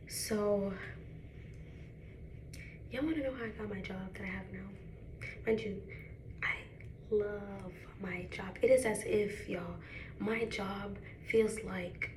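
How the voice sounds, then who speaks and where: A woman, chatting to viewers while doing her makeup, animated and talkative. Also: mid-range voice, measured pace, pauses often. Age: 20s. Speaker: beauty vlogger. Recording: echoey room with background noise.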